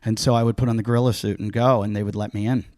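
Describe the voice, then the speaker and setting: A man's voice: on the low side, little pitch movement, rapid-fire, a little mellow, no room sound, clean studio sound. A man hosting a podcast, chatting casually and telling rambling stories full of "like". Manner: rambling storyteller, heavy use of "like". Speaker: podcast host. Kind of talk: casual chat.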